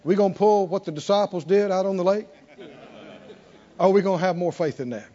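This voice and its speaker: A high-pitched male preacher who drops to near-whispered storytelling and then climbs back into loud, emphatic exhortation. He has the congregation repeat lines back to him. The recording sounds muffled. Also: fairly quick. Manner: leads call-and-response with the congregation. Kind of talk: sermon.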